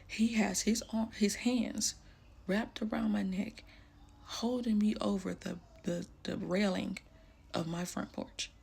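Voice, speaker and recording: A woman's voice: medium pitch, fairly even intonation, takes it slowly, gravelly, a little mellow, slightly rough. A woman telling a personal story candidly, blunt and emotional, with casual slang.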